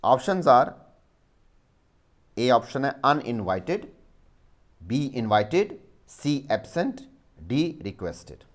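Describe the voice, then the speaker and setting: A man's voice: mid-range voice, sing-song, slow, pauses often. A male teacher with a Pakistani English accent, dictating a vocabulary exercise and spelling words letter by letter.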